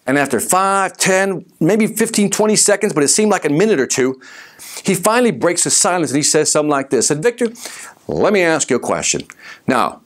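A man telling a personal sales story as host of his own series, in an emphatic, animated storytelling manner. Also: sits high, brisk. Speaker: sales speaker. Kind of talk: storytelling monologue.

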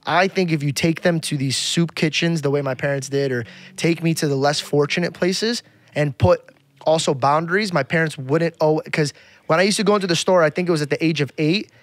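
Young dude guest on a podcast, lots of swearing and "bro", dry close sound. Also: male voice, a little high, a little fast, dry recording. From grew up in Arizona. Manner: animated, swears a lot, says "bro". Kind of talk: casual chat, storytelling.

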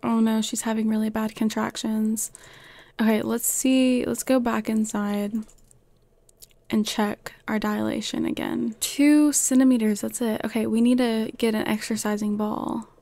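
A woman giving chatty, excitable commentary over a life-simulation game as she plays, often gasping and laughing. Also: fairly high pitch, measured pace, dry recording. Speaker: game streamer. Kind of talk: casual gameplay commentary.

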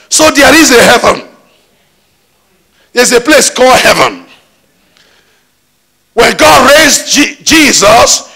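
A man's voice: sits high, gravelly, bright, forceful tone. A man preaching a sermon in a church, emphatic, with call-and-response questions. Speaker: pastor.

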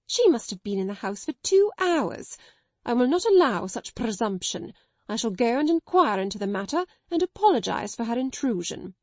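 A woman's voice: very animated, moderate pace, darkish tone, dry recording. A woman reading an audiobook, voicing a stern, haughty schoolmistress who speaks with rigid politeness and rising indignation. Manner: indignant, rigidly polite, shrill when shocked.

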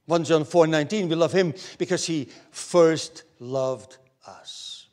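A man preaching a sermon as pastor, earnest, moving between raised emphasis and hushed near-whispers. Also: a little high, slow pace. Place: church pulpit.

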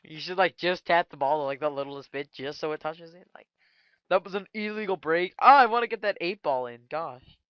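A man giving casual gameplay commentary, joking crudely and trash-talking with sudden excited outbursts. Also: a little high, a little fast, smooth, no room sound, muffled recording. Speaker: gaming channel host.

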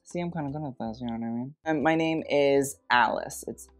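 A YouTuber giving a sarcastic, snarky fashion critique in a scripted vlog, with wry deadpan asides. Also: mid-range voice, fairly quick, soft background music.

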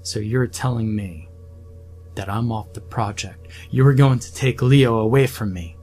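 A man's voice: mid-range voice, a little slow, darkish tone, faint music behind, lightly acted. Man playing an outraged, distraught scientist. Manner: indignant and agitated. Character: distraught middle-aged male scientist, outraged and pleading.

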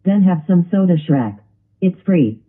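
A gloating purple male dinosaur prankster from a homemade cartoon, read by a computer voice. The delivery is flat and synthetic, slightly husky. The sound is thin and phone-like. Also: mid-range voice, unhurried. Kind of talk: text-to-speech grounded video. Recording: tinny phone-like lo-fi audio.

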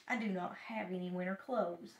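An older woman voicing a grumpy, sleepy little male toad in a storybook, with a low grumbling voice. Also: animated, a little slow, a little hiss or hum. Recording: roomy echo, mic at a distance.

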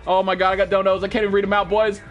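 Man, high voice, streaming a game, swearing, yelling for help, faint music behind. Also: little pitch movement, racing, muffled recording. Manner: panicky, profane, yelling for help. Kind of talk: live gameplay commentary.

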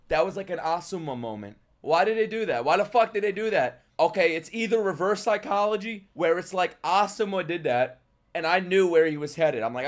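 A man's voice: fairly high pitch, normal speed. A man reacting live to an anime episode, emotional and profane, repeating himself and bursting into exclamations.

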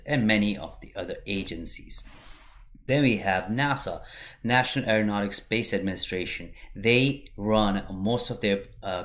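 A man teaching an online course, talking through his slides in a plain, steady way with frequent fillers and restarts. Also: lowish voice. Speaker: course instructor. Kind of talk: lecture over slides.

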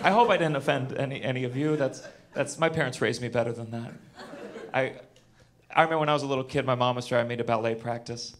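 A man in his thirties doing a stand-up comedy set, animated and shouting punchlines. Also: mid-range voice, quick pace. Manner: animated, shouts punchlines, acts out quoted voices. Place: comedy club stage with live audience. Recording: loud audience noise and laughter.

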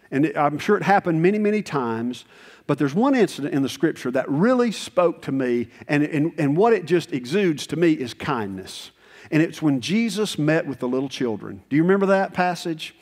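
Animated preacher man in a reverberant hall. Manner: animated, conversational preaching with sudden high bursts. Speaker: pastor. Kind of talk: sermon. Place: church sanctuary. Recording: long church reverb.

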